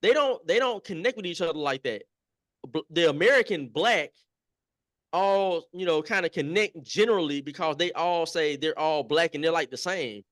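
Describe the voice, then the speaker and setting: A man's voice: fairly high pitch, moderate pace, a bit bright, no echo, clean studio sound. Man as guest, talking emphatically. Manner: emphatic, repeats points, conversational fillers. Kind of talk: casual political chat.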